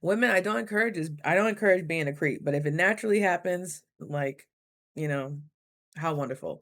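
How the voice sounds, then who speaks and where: A young adult woman in a casual storytelling vlog, chatty and laughing often, with lively quoted asides. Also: fairly low pitch, brisk. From Idaho. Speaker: vlogger.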